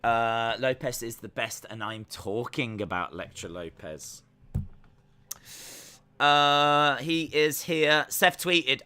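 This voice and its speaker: Slow, forceful male stream host. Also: mid-range voice, expressive. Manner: mock-stern, repeats himself for comic effect. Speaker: live-stream host reacting to wrestling. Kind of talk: casual live-stream commentary.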